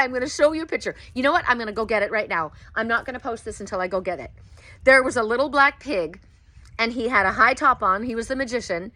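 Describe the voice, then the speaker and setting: A middle-aged woman speaking outdoors, her voice a little high and very bright and forceful. She retells her readings in a casual vlog style and keeps jumping up into thrilled, high-pitched exclamations. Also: fast, no echo. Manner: bursts into high excited exclamations while retelling. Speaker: oracle card reader.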